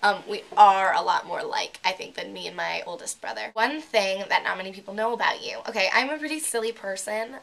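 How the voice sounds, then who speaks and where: A teenage girl vlogging to her laptop camera with a bright, forceful voice. She chats in a loose, giggly way, dotting her talk with likes and ums. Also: mid-range voice, vocal fry. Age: late teens. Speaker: beauty vlogger. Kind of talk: casual chat to camera. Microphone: laptop webcam.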